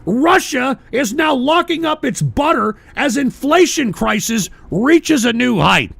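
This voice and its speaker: A man hosting a political radio show, ranting in a combative, profane way, often shouting and tagging lines with "all right?". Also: extremely high pitch, sing-song, unhurried, gravelly, breathy edge, no room sound. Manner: repeats "all right?" and "for Christ's sake". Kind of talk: political call-in rant.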